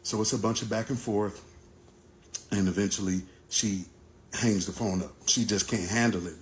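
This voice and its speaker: A man's voice: on the low side, fairly even intonation, normal speed, a little hiss or hum. Man recounting a family dispute. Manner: conversational, gets heated and loud when retelling the argument. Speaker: father telling a personal story. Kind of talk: casual storytelling to camera.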